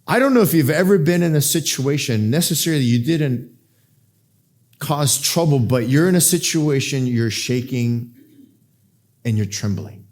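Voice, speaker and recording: A man preaching a verse-by-verse sermon, acting out the people in the scripture with sudden jumps in pitch and dropping to a hushed voice at tender points. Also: animated, moderate pace. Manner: drops to a soft, hushed voice for emotional moments. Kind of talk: expository sermon.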